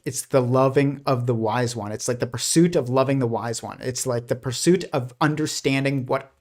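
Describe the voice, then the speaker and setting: A man talking through his thoughts on a casual livestream, with a mid-range voice. He rambles, restarts his sentences, and leans on fillers. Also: mid-range voice. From United States. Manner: rambling, many restarts and fillers, laughs softly. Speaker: host.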